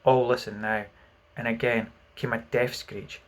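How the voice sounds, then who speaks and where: A man reads a children's classic aloud as an audiobook. His narration is expressive and mid-pitched, and it falls quiet between the acted lines. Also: measured pace. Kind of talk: audiobook reading.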